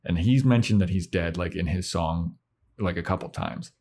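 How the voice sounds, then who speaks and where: A man's voice: sits low, normal speed, a little mellow, slight background noise. A man hosting a podcast, recapping a TV episode with loose, profane storytelling. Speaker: podcast host. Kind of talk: casual chat, recapping episodes.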